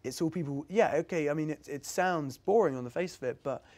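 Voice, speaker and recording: A man's voice: fairly high pitch, a little fast, darkish tone. A young man from England, an actor guest in a casual interview, chatting in a rambling way and laughing easily.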